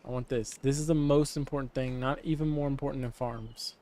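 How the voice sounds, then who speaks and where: A man's voice: mid-range voice, steady tone, a little fast, warm tone. A man hosting a let's-play, talking to himself in a goofy, rambling, playfully grandiose way. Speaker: gaming channel host. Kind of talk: casual let's-play commentary. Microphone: studio desk microphone.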